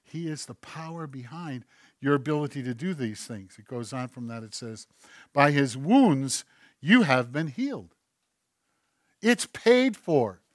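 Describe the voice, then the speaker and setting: A man preaching a sermon, dropping to a hush and then rising to emphatic points, voicing God's words to his listeners. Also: mid-range voice, lively intonation, measured pace, dry recording. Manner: swings between hushed and emphatic, acts out God's voice. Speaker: pastor.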